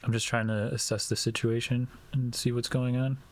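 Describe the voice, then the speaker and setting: A man voicing a calm male chaplain who asks gentle, measured questions in a tabletop game. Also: medium pitch, lightly acted. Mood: probing.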